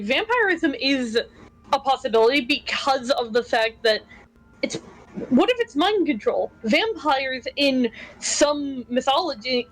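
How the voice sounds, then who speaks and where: A woman's voice: high-pitched, rough recording. A woman chatting casually with her tabletop group and laughing often. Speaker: player. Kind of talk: casual chat among tabletop players.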